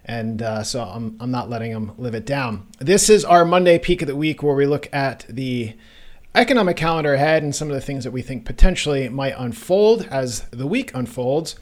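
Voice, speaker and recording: Man hosting a relaxed finance podcast. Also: mid-range voice, normal speed. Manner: relaxed, joking, with fillers. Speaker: podcast host. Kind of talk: casual finance chat.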